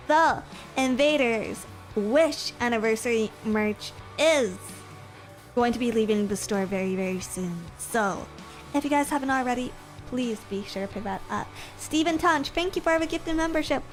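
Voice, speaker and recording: A young woman with a fairly high voice chats playfully with her viewers as she wraps up a stream. She sounds bubbly and talkative. Faint music plays underneath. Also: moderate pace. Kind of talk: casual stream outro chat.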